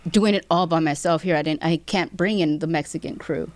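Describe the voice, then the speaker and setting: Blunt, swearing woman with low voice. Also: a little fast, no room sound. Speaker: guest, fight promoter. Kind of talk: emotional interview talk.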